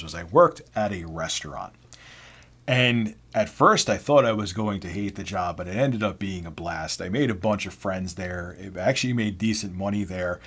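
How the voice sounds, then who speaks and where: A man's voice: on the low side, a bit bright, breathy edge. Blunt, chatty man telling stories. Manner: blunt, self-deprecating, conversational. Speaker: vlogger. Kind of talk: casual storytelling.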